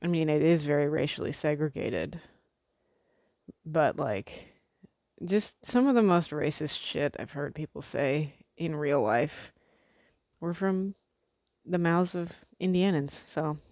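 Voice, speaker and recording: A woman's voice: deep voice, expressive, takes it slowly, darkish tone, no room sound. A young woman from the Midwest chatting casually to camera as a vlogger, rambling with lots of fillers and the odd swear word.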